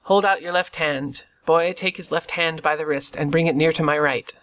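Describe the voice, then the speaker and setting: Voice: mid-range voice, fairly even intonation, normal speed, a bit bright, natural voice. A reader voicing a cruel blind old beggar. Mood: cold menacing. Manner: odd sing-song, sneering. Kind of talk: audiobook character reading.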